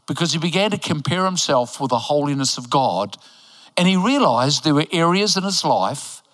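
High, bright-voiced older preacher man. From New Zealand. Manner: emphatic, animated preaching with joking asides. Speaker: pastor. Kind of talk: sermon. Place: church auditorium. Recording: echoey hall reverb.

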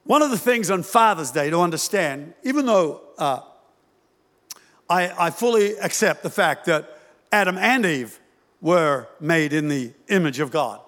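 A man preaches with lively humor, slipping into playful impressions of mothers and fathers. His voice sits high, and it rings with a long reverb through a large hall. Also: a little slow. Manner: animated, acts out parents' voices with humor. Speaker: pastor. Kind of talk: sermon.

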